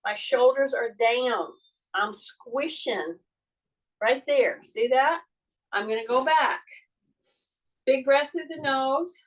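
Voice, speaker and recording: High-voiced, slow-paced woman fitness instructor. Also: recorded from a distance, poor audio. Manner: measured, chatty, talking directly to viewers while moving. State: frog in her throat, clearing it often. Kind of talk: live-streamed workout demonstration. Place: small indoor workout area.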